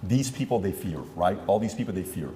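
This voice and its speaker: A man hosting a podcast, telling quick stories and acting out the conversations he quotes. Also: deep voice, expressive, mellow, in a large hall, slight background noise. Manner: rapid storytelling, acting out quoted exchanges. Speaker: podcast host. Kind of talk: casual interview talk.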